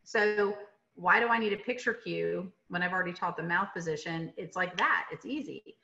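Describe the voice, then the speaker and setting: A woman from Atlanta, Georgia, lectures to teachers on a video call, chatty and loose, dropping fillers and asking "right?" often. Her voice is bright and forceful and sits a little low. The audio is dull and lo-fi. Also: moderate pace, creaky. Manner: conversational, many fillers and tag questions. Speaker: literacy presenter. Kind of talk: webinar lecture.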